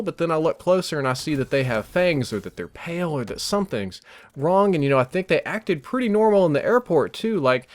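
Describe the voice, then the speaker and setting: A man recounting a vivid dream as an animated, breathless story over gameplay footage. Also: a little high. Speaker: gaming YouTuber.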